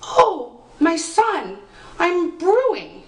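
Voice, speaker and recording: A woman's voice: very high-pitched, wildly swooping pitch, extremely slow, voice pushed up, exaggerated voice. A woman voicing a grieving peasant mother who pleads with rising emotion, recorded from a distance in an echoey room. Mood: anxious. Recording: roomy, distant mic.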